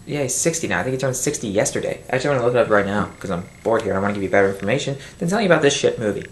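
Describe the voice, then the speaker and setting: A man's voice: medium pitch, expressive, rapid-fire, slight background noise. A man ranting angrily in a movie review. He rambles, restarts sentences and swears, recorded on a built-in camera microphone at home. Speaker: film reviewer. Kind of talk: angry movie review rant. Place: home room. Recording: echoey room, built-in camera mic.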